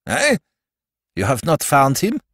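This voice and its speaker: A man's voice: on the low side, very animated, moderate pace, a bit bright, no room sound, clean studio sound. A man doing a stiff German count. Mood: anxious. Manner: stiff and ceremonious. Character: stiff, formal German count, a prince's aide.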